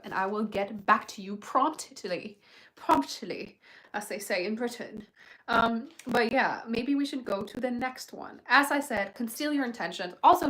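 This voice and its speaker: A young woman hosts a casual livestream in a mid-range, slightly bright voice, giving frank advice full of fillers and asides to her viewers. The audio quality is poor.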